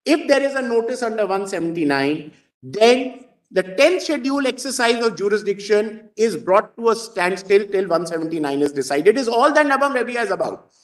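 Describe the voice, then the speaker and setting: A man's voice: sits high, expressive, a little fast. A man with an Indian English accent arguing before the bench as an advocate, formal and insistent, addressing the judges as my lords. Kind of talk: courtroom argument. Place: courtroom. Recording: roomy, far from the mic.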